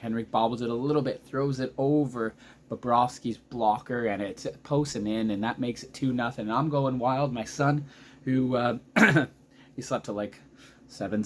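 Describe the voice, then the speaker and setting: A man in his thirties giving a casual, excitable recap of a hockey game as a vlogger, chatty and often losing his thread. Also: mid-range voice, a little hiss or hum. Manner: excitable, chatty, loses track mid-sentence.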